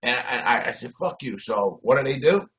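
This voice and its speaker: A man telling a story on a video call, blunt and profane, shifting between loud bursts and low mutters. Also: expressive, normal speed. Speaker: interview guest. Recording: dull lo-fi video call audio.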